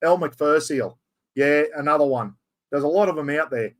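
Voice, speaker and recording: A man's voice: fairly high pitch, moderate pace. A middle-aged Australian man hosting a casual livestream, chatting loosely and reading out viewer comments with plenty of slang. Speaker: livestream host.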